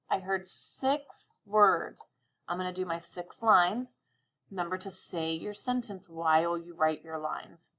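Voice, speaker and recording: Slow, patient woman teaching phonics. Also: lowish voice, a bit bright. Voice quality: slow, carefully sounds out words. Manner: patient, encouraging, stretches words out. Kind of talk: phonics lesson dictation.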